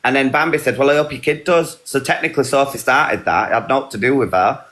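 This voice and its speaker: A man, sounding blunt and worked up, runs through a long tale of a feud on a live stream. His voice sits in an ordinary middle pitch, and he rattles off who said what in quick runs. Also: fairly bright tone. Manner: blunt, recounting quotes in a rush. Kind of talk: heated casual storytelling.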